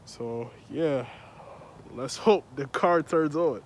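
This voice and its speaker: A man's voice: on the high side, slow pace, a little mellow, slight background noise. A young man vlogging casually while working on his car, with loose slangy talk and a bit out of breath under a mask. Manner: laid-back slangy talk. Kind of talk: casual vlog narration.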